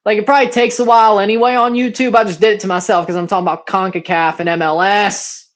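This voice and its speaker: A man's voice: high-pitched, fairly even intonation, fast, a bit bright. A 21-year-old man with a near-Southern American accent, calling plays and rambling bluntly in slangy casual chat while hosting a livestream watchalong. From Mississippi, USA. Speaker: livestream host.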